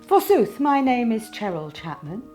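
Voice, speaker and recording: A woman's voice: on the high side, big pitch swings, moderate pace, warm tone, faint music behind, pitched above the performer's own voice. A woman putting on a pompous posh stage speaker. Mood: grandiose. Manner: affected, declaiming.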